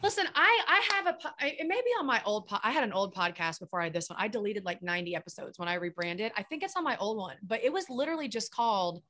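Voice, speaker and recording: A woman's voice: mid-range voice, fast, few pauses. A woman hosting a podcast as a business coach, talking casually and acting out her clients' complaints. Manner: animated, acts out clients' complaints.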